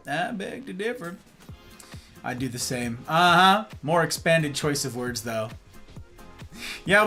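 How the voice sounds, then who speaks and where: A man hosting a livestream, chatting casually and playfully with his viewers. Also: fairly high pitch. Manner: animated, playful, reacts to chat. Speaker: livestream host. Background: faint music.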